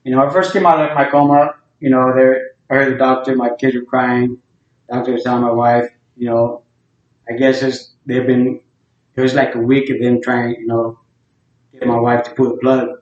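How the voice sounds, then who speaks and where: A man's voice: medium pitch, little pitch movement, normal speed. A middle-aged man DJ talking in a rambling, plain-spoken casual monologue, full of fillers and restarts. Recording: roomy, distant, dull lo-fi sound.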